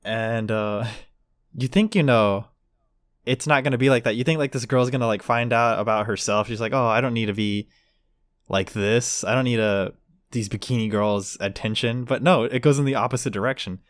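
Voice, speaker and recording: A man's voice: medium pitch, normal speed, no echo. Casual podcast co-host, male, chatty storyteller who does the quotes, dry sound. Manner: rambling, acts out quotes with voices. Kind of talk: casual chat.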